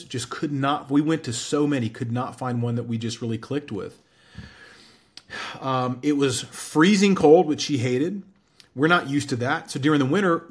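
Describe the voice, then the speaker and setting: A man in his forties, a guest in an interview, telling his story in a candid, animated way. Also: medium pitch. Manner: candid, animated storyteller who acts out quoted dialogue.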